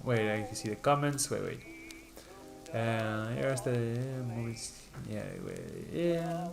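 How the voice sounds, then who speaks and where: A man's voice: mid-range voice, a bit bright. A man chatting casually on a live stream, reading viewer comments aloud and rambling with many fillers and restarts. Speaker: streamer presenting his channel mascot.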